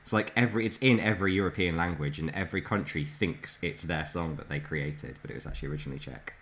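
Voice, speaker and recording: A man's voice: sits low, fast talker, fairly bright tone, slight background noise. A man co-hosting a podcast, chatting casually and retelling anecdotes with frequent laughter. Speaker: podcast co-host. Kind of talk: casual storytelling chat.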